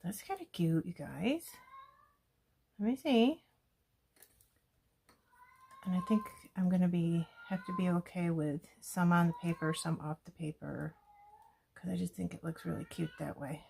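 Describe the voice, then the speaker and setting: Gravelly low-voiced woman crafting. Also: unhurried, pauses often, warm tone, slight background noise. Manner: chatty, thinking aloud while working. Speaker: scrapbooking video host. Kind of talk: casual crafting talk-through.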